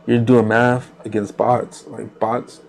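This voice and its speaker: A man's voice: mid-range voice, level tone, slow, gravelly, darkish tone. A man hosting a trading channel, talking casually while he trades live, rambling loosely with repeated phrases and fillers.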